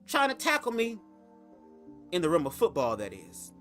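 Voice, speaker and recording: A sassy young man spilling a story to his viewers, cursing freely and leaning hard on every punchline. His pitch leaps up and drops low all the time, lively and expressive, with soft music faintly under him. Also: normal speed, pauses often. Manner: profane, sassy, emphatic with big pitch swings. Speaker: storytime vlogger. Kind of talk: casual storytelling to camera.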